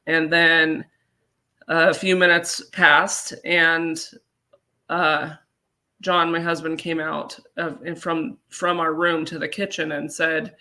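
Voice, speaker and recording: A woman from Colorado telling a personal story as an interview guest, halting and earnest, with many fillers. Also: deep voice, little pitch movement, bright, forceful tone. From Colorado, USA.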